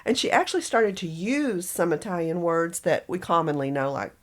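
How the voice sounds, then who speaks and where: Southern lady cohost chatting away, kinda low voice, laughs a lot. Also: sing-song, moderate pace. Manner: chatty storyteller, laughs often. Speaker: podcast co-host. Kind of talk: casual chat.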